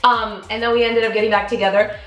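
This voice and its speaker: A woman's voice: a little high, fast talker. A young woman co-hosting a casual chat, telling a personal story animatedly and acting out the voices of the people in it. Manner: animated, acts out quoted voices. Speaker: co-host. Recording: roomy echo with faint music.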